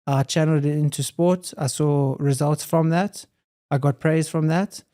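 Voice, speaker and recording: A man's voice: fairly high pitch, steady tone, moderate pace, dark tone. A young adult man, a podcast guest, talking in an earnest, reflective way and often repeating phrases. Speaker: podcast guest, hybrid athlete. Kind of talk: casual conversation.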